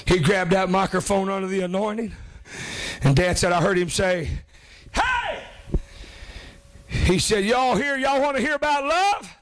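A man's voice: sits high, normal speed. A man preaching a revival sermon, chanting with a gasped "uh" before each phrase.

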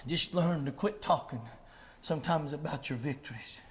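A male preacher, giving a sermon that swings between hushed pleading and shouted exhortation. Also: fairly high pitch, moderate pace, slight background noise.

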